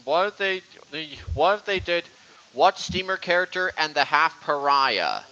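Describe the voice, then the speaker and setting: Young guy chatting on his stream, bright slightly high voice, rambly with lots of ums. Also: animated, lo-fi sound. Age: young adult. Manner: rambling, halting, with many fillers. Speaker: livestream host. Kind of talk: casual chat.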